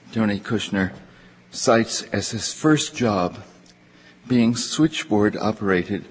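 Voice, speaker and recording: A man hosting an event, giving a prepared formal introduction in a measured, wry way with dry jokes, in a lecture hall. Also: lowish voice, slightly rough. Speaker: event host introducing a speaker. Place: lecture hall before an audience. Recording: long reverb in a large hall.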